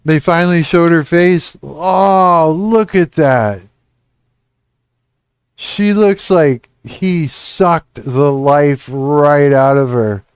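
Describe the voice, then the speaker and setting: Male streamer host, slow smooth delivery, blunt and crude. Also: a little high, no room sound, clean studio sound. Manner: slow, crude, laughing reactions. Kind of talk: casual reaction commentary.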